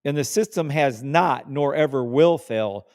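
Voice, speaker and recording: A man's voice: medium pitch, a little slow, darkish tone, no echo, studio quality. A man hosting a live trading stream, talking casually and emphatically, repeating words for stress and swearing when riled. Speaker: trading livestream host.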